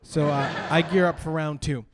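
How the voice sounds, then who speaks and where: A man, doing an animated stand-up set and laughing through his stories at a brewery. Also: fairly high pitch, moderate pace, a crowd in the background. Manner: animated storytelling with bursts of laughter. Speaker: stand-up comedian. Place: brewery stage.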